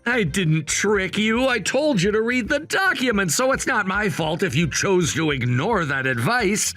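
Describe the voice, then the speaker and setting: Cold grown son in a story drama, firm and matter-of-fact, high bright voice with lively pitch, a man acting it. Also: unhurried, soft background music, full character voice.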